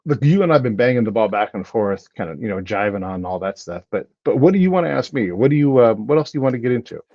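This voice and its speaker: A man hosting a podcast in casual chat, telling stories in an animated way with lots of restarts. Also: medium pitch, quick pace, no echo, dull audio. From United States. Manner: animated storyteller, chatty with frequent restarts. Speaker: podcast host.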